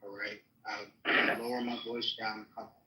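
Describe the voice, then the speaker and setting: A loud, laughing man joining a casual group chat over a trucker headset from a truck cab. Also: on the low side, little pitch movement, normal speed, crowd noise, poor audio. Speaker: livestream guest.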